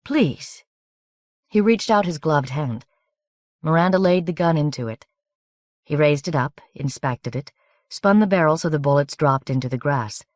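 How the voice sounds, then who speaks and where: A woman narrating an audiobook in an even, measured, scripted reading on a close studio microphone. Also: low-pitched, no room sound.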